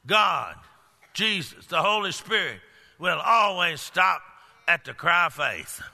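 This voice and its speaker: An older man preaching a sermon, swinging between loud outbursts and low hushed lines. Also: lively intonation, slow pace, gravelly. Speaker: pastor. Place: large church hall. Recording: long hall reverb.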